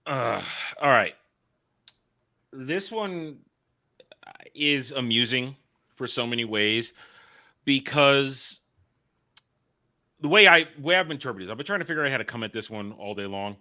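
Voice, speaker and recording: A man with a bright, mid-pitched voice sits on a podcast panel in casual chat. He tells stories in an animated way and laughs often. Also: measured pace, long pauses.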